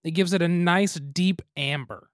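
A man's voice: high voice, unhurried, dry recording. Chatty male podcast host, dry sound. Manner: relaxed, chatty, laughs easily. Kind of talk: casual chat. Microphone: mic on a stand.

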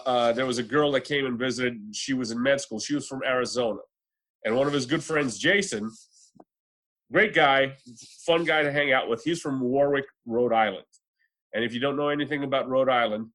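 A man co-hosting a casual movie podcast, telling stories with animated energy and acting out the people he quotes. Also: mid-range voice. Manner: animated storyteller, acts out quoted voices. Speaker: podcast co-host. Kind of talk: casual movie chat and storytelling.

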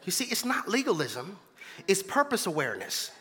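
A man's voice: high-pitched, wildly swooping pitch, moderate pace, pushed and bright, big-room sound. A man preaching a sermon as pastor in a church, emphatic and repetitive, calling out to the congregation. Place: church sanctuary.

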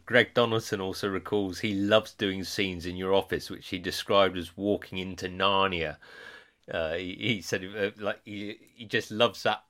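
A man hosts a podcast interview with a lowish, easygoing voice. He asks his questions conversationally, with small hesitations and fillers. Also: steady tone, moderate pace, fairly bright tone. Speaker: podcast host.

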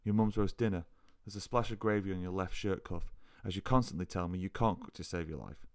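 A man's voice: sits low, fairly quick, darkish tone, no room sound, studio quality. A man voicing a drunk, brash young woman student detective, slurring and rambling in a cocky way. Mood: slurred mocking.

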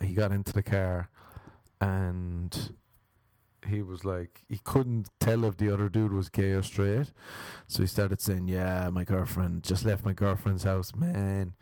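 Young man, stand-up comedy, crude and mocking, low dark gravelly voice, dry sound. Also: no echo.

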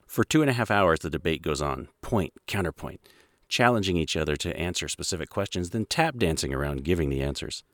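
A man's voice: low-pitched, no echo, clean studio sound. A man narrating a video essay with wry, sardonic asides. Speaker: commentator.

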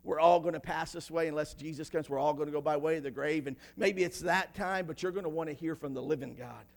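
A man preaching a sermon in a church, moving from quiet reading of scripture to loud, shouted preaching. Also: fairly high pitch, fast, creaky.

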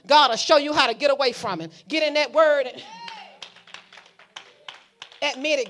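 A woman pastor preaching a sermon, talking to the congregation in a fiery, conversational way that swings from hushed asides to shouting. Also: high-pitched, moderate pace, long pauses, a faint crowd. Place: church sanctuary.

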